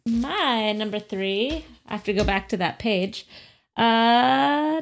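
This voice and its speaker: A woman co-hosting a casual podcast chat, playful and giggly, with quick interjections. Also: on the high side. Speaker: podcast co-host.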